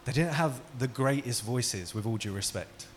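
A man gives a talk in a hall, speaking at a middle pitch and often turning to his listeners with questions. The recording carries a faint hum of room noise. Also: moderate pace. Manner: engaging, asks the audience questions. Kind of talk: interactive talk to an audience. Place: hall with an audience.

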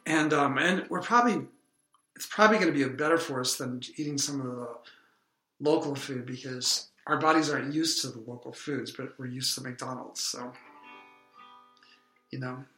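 A man co-hosting an improvised comedy podcast, rambling in a deadpan tone with hesitant ums. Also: medium pitch, moderate pace, reverberant, faint music behind.

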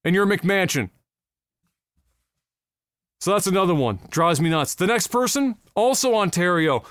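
A foul-mouthed man holds forth on a casual podcast. His voice sits high and climbs higher as he gets worked up. The close mic leaves the sound dry, with no room around it. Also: expressive, unhurried, clear, resonant tone, no room sound. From Nova Scotia, Canada. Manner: profane, ranting, loud when worked up. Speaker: podcast co-host.

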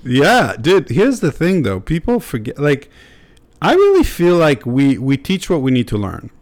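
A man's voice: a little high, wildly swooping pitch, unhurried, darkish tone. A young man hosting a podcast, talking candidly in a rambling way, full of fillers and swearing. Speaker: podcast host. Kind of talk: casual podcast chat.

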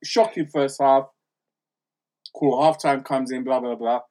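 A man telling an excitable, slang-heavy football story and ranting as a fan pundit. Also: mid-range voice, measured pace. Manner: slangy, excitable storytelling, keeps repeating "listen" and "bruv". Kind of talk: animated fan rant.

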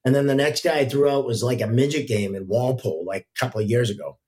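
A middle-aged man, a hockey referee, telling relaxed stories as a podcast guest, with frequent fillers. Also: mid-range voice, quick pace. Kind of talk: casual podcast storytelling.

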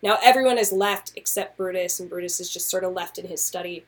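A woman's voice: lowish voice, brisk. Chatty woman co-hosting a podcast. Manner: chatty, explains, laughs often. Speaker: podcast co-host. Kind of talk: casual podcast chat.

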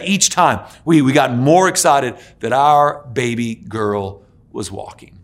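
A man in his forties preaching a sermon as a pastor, telling stories with lots of filler words and swinging from hushed to loud. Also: fairly high pitch, moderate pace. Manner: animated storytelling with many filler likes, swinging between hushed and loud.

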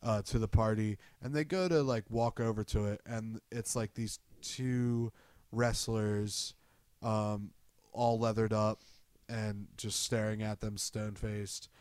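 A man's voice: lowish voice, fairly even intonation, slow pace, a little mellow, smooth, no room sound. A man in casual chat, retelling a movie in a rambling way, with lots of fillers, swearing and laughter.

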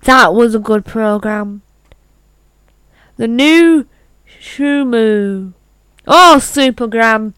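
A woman's voice: a little high, extremely slow, pauses often, fairly bright tone, clear, resonant tone, dry recording. A British woman vlogging in casual chat, reading an article aloud with chatty asides and stumbles. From Britain.

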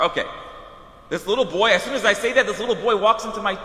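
A man preaching a sermon as a priest, telling stories in an animated way with quick asides. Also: high voice. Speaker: Catholic priest. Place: church. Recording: echoey church hall.

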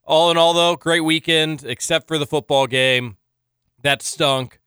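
A man's voice: fairly high pitch, steady tone, unhurried, bright, forceful tone, clean tone, no room sound, clean studio sound. A man co-hosting a local radio show, telling stories in loose, chatty banter. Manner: chatty storyteller, filler-heavy.

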